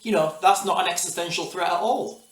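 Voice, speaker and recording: A man in a casual commentary vlog. His voice sits a little higher than most men's, and he talks to his viewers in loose, rambling asides, often stopping to restart a thought. He sounds set back from the mic in an echoey room. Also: fairly quick, distant mic. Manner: rambling, restarts, repeats "guys, all right". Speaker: video host.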